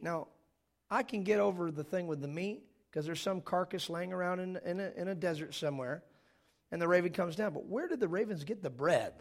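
A man preaching a sermon to a congregation, reading scripture loudly with emphasis and dropping into quick joking asides. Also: high-pitched. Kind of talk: sermon with humor. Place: church, live congregation.

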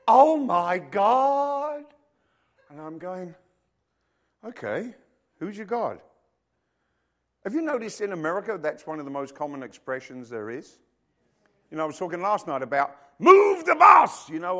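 Animated preacher with a lively voice. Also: male voice, mid-range voice. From rugby-playing country, emigrated to Africa. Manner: animated, jokey storytelling with loud acted quotes. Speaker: pastor. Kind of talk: sermon.

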